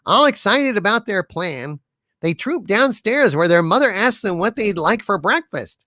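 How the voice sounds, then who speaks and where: A man's voice: sits high, normal speed, dry recording, studio quality. A man hosting a casual live stream, telling jokes and reading viewer messages aloud. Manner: animated, reads viewer messages and tells jokes. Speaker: livestream host.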